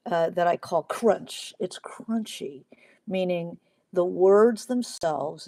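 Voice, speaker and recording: A middle-aged woman with a gravelly, creaky edge to her voice, chatting in a loose, digressive way, full of "um"s and restarts. She sounds close to the mic in a dry, dead room. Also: fairly low pitch, a little mellow, no room sound. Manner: chatty and digressive, many fillers. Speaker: novelist hosting a writing Q&A livestream. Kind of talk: casual livestream talk.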